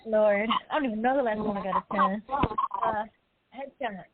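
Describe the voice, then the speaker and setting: A chatty woman hosting a poetry night in a relaxed, teasing way, often breaking into laughter. Her voice sits at an ordinary pitch. It comes through a narrow, phone-like online connection. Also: moderate pace, very noisy. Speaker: host. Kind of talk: casual chat. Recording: tinny phone-like online audio.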